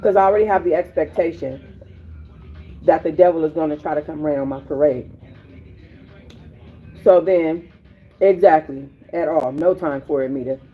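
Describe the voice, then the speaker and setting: A woman host telling a personal story in casual, animated, profane slang. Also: sits low, normal speed, long pauses, breathy edge. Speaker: podcast host. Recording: tinny phone-like audio.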